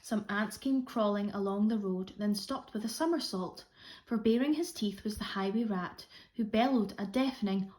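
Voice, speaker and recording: A Scottish woman, a primary school teacher, reading a rhyming storybook aloud with a lively rhythm. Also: mid-range voice, normal speed. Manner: expressive rhythmic read-aloud.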